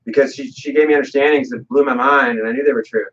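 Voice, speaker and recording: A man holds forth on a livestream, spinning stories with lively swings and bursts of acted-out dialogue. His voice sits in a middle register, and the audio is dull and lo-fi. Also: mid-range voice, fast. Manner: animated, acts out quotes in voices. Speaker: guest. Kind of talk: livestream talk, storytelling.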